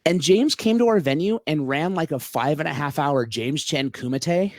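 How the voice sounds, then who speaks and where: A man's voice: fairly high pitch, moderate pace, no echo, clean studio sound. Rambling, swearing storyteller man. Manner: rambling storyteller, heavy filler words, swears freely. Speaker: podcast guest, local event organizer. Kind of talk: casual podcast chat.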